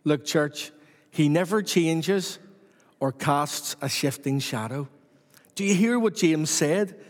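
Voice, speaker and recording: Male preacher, high voice, rhythmic repeated phrases, long hall reverb. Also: lively intonation, takes it slowly. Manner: repetitive rhythmic preaching with rising emphasis. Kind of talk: sermon.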